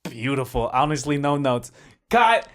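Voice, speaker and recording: A man's voice: mid-range voice, normal speed. Brief: male podcast host, Bronx accent, playful improv energy. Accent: New York, Bronx. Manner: playful, barks set calls loudly. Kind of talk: improvised comedy bit, playing a director.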